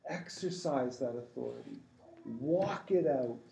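A man's voice: medium pitch, animated, measured pace, vocal fry, mellow, a little hiss or hum. Man preaching in an echoey room. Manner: rambling, many restarts, exhortative. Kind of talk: sermon.

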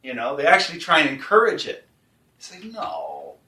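A man hosting a casual faith discussion, talking in a rambling, animated way and laughing easily. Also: a little high, moderate pace. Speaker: host. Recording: roomy sound, mic at a distance.

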